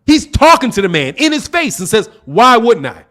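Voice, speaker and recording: A man's voice: very high-pitched, big pitch swings, moderate pace, sharp tone. A man hosting a boxing channel, arguing heatedly in an opinion rant, profane and repeating his points for emphasis.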